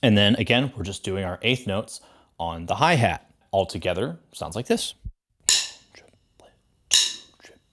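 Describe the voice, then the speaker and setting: A man's voice: on the low side, expressive, normal speed, a bit bright, a little hiss or hum. A man teaching a drum lesson in a casual, chatty way, counting beats aloud and voicing drum sounds. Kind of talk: casual instructional explanation.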